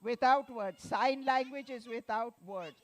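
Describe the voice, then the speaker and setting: A woman author leading a playful, interactive session with children at a festival, coaxing them with slow prompts. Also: on the high side, a little hiss or hum. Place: festival venue.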